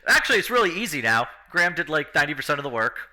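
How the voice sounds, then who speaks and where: A man's voice: fairly high pitch, noisy background. A man running a tabletop game as game master, narrating and briefly voicing the people in the scene. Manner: lively, laughing, drops into quick character voices.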